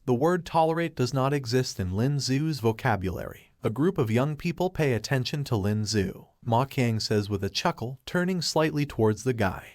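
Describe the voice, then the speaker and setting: Male narrator for a comic recap, mid pitch, even scripted read, dry close mic. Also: dry recording.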